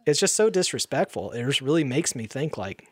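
A man in casual film-review chat, animated and full of hesitant fillers. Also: mid-range voice, a little fast, no room sound, clean studio sound. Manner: animated, mocking asides in put-on voices, hesitant fillers. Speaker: podcast co-host.

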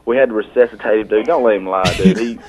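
A man's voice: lowish voice, fast, a little mellow. A man telling an exaggerated comedic story on the radio, saying dude and man a lot. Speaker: radio show guest. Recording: dull, lo-fi sound.

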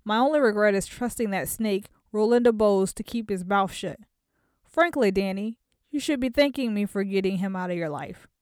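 A woman voicing a cold, ruthless wealthy businessman who speaks calmly and without remorse, in an audiobook. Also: mid-range voice, normal speed, smooth, dry recording, studio quality, lightly acted. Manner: calm, unapologetic. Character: cold ruthless wealthy male CEO husband.

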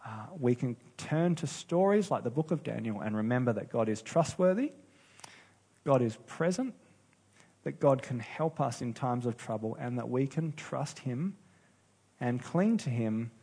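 A man preaching a sermon as pastor, earnest and unhurried, with pauses and restarts. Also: medium pitch, lively intonation, mellow, husky.

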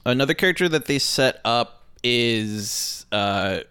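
A man's voice: mid-range voice, lively intonation, measured pace, sharp tone, smooth, dry recording, studio quality. A man co-hosting a podcast in casual chat, rambling with lots of fillers. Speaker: podcast co-host.

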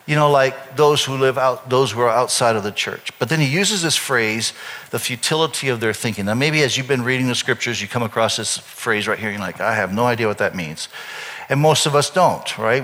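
Bright-voiced rambling pastor, a man. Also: mid-range voice. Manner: rambling, self-correcting storyteller. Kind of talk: sermon with a personal story.

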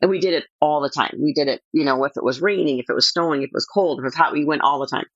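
A woman talking as a podcast guest, telling a personal story in a rambling, animated way with lots of fillers. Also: sits low, very fast, dry recording, highs cut off.

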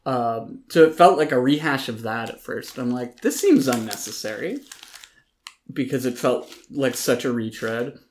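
A man co-hosting a casual podcast, giving animated, opinionated reviews with frequent ums and restarts. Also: mid-range voice, normal speed, hardly any pauses, a little hiss or hum. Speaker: podcast co-host reviewing films and TV. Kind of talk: casual chat.

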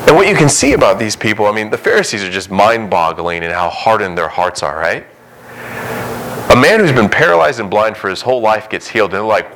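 A man with a low voice preaches to his church, reading scripture and acting out its voices with dramatic rises. Faint room ambience sits behind him. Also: sing-song, brisk, fairly bright tone, a little hiss or hum, poor audio. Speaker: pastor. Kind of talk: sermon.

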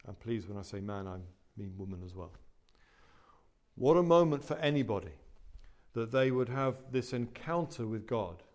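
Male Bible teacher, mid-pitched, chatty podcast delivery with rhetorical questions. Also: animated, moderate pace, darkish tone. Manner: conversational, rhetorical questions, emphatic asides.

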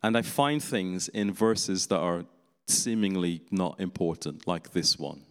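A man's voice: deep voice, measured pace, clean tone. A man preaching a sermon in a conversational way, with laughing asides. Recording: long hall reverb.

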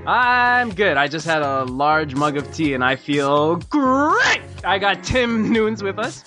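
A man hosting a casual gaming podcast, excitable, swearing and laughing often. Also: high voice, slow, faint music behind. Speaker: podcast host.

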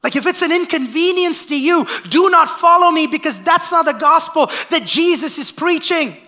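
Male pastor, very high and sharp-toned voice, energetic sermon with call-and-response to the congregation. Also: normal speed. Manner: acts out the voices of complainers. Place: church sanctuary.

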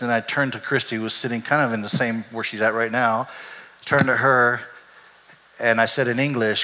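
An older man, a pastor, telling a candid and emotional personal story in a sermon, animated as he goes. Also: medium pitch, moderate pace. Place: church sanctuary. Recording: echoey hall.

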